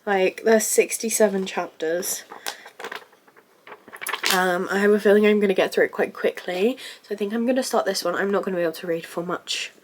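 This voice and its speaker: A young woman vlogging about her reading, sounding sick and rough-voiced, gushing and emotional as she talks to the camera. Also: medium pitch, fairly quick, a little hiss or hum. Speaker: book vlogger. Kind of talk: casual reading vlog.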